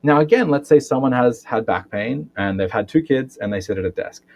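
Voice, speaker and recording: Speaking a little fast at medium pitch, a physiotherapist and breathwork educator explains things in a podcast interview. His style is animated, and he often wraps up points with a questioning "right?".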